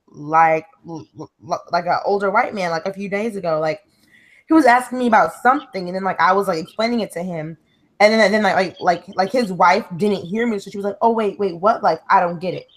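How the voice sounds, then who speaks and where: A woman's voice: medium pitch, a little fast, rough recording. A young woman co-hosting a casual chat show, telling a long story and saying "like" constantly. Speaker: co-host.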